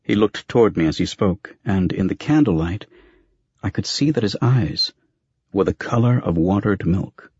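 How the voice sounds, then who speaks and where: Slow, husky male audiobook narrator. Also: sits low, a little mellow, no echo. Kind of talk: scripted narration. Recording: dry, slightly muffled recording.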